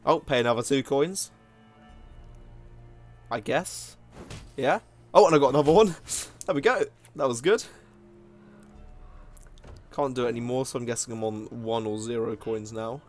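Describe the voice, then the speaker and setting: A man's voice: mid-range voice, normal speed, pauses often, soft background music. A man giving casual, self-mocking commentary while playing a card game, often laughing at himself. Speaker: gaming video host.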